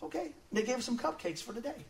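High-voiced man preaching in an echoey hall. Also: fast talker, a little hiss or hum. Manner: animated, laughs often while telling stories. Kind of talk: storytelling sermon. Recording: roomy sound, mic at a distance.

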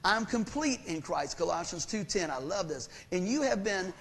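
Folksy gravelly-voiced preacher man. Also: sits high, sing-song, normal speed. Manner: folksy, conversational storytelling. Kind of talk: sermon.

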